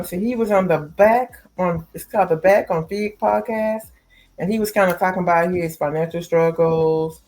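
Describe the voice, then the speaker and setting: Hosting a casual celebrity gossip podcast, a woman addresses listeners directly, calling them "y'all" and "baby." Her voice is fairly low and darkish in tone.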